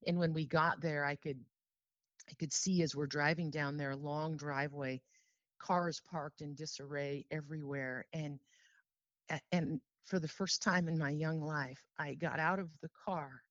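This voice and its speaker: Woman telling her testimony in an interview, heartfelt and close to tears, slows down on the heavy parts, lowish voice, dry dull sound. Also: steady tone, a bit bright, dry recording. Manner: earnest and heartfelt, slowing down on solemn phrases. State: emotional, near tears. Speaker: interview guest.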